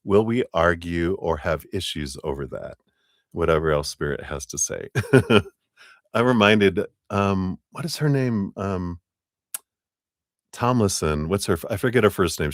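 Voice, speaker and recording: A man's voice: low-pitched, no echo, studio quality. A man with a slight Southern US accent hosting a live tarot reading, chatty and rambling and often laughing. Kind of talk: casual live-stream reading.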